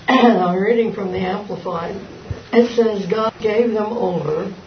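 A Bible study participant reading scripture aloud to the group slowly and deliberately. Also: medium pitch, creaky. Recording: distant, roomy, muffled, faint hiss.

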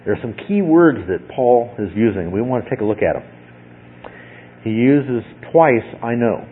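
A man's voice: medium pitch, expressive, normal speed. A man preaching a verse-by-verse teaching sermon, explaining word meanings and often checking in with his listeners. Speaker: pastor teaching a Bible class. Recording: phone-like lo-fi radio broadcast with faint noise.

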